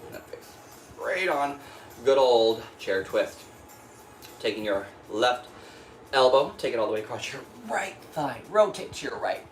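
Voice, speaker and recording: A man's voice: medium pitch, unhurried, faint music behind. Breathless male yoga teacher in an echoey studio. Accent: American. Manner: calm cueing of breath and poses, breathy while moving through the flow. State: short of breath. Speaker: yoga instructor. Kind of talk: guided yoga class cues.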